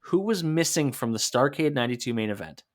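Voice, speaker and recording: A man's voice: medium pitch, expressive, brisk. A man co-hosting a wrestling podcast, chatting casually and joking as he recaps matches. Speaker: podcast co-host.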